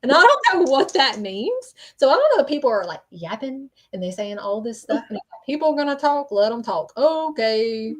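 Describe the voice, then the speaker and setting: A woman's voice: fairly high pitch, sing-song, normal speed, hardly any pauses. A woman hosting a live-stream reading as a psychic medium, speaking earnestly and stopping often to check in with "okay?" between frequent ums.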